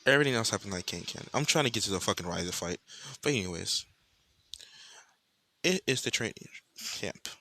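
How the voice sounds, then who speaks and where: A man's voice: lowish voice, lively intonation, brisk, long pauses, bright, forceful tone. Young man rambling a profane fan story. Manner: casual, rambling and profane, heavy slang. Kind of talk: improvised fan-fiction storytelling.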